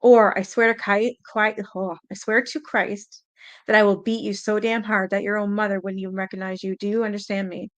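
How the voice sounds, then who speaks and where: A woman's voice: medium pitch, flat delivery, brisk, close to an everyday voice. Woman reading as a furious bullying father. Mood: threatening. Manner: harsh, threatening, demanding. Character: angry, bullying middle-aged father.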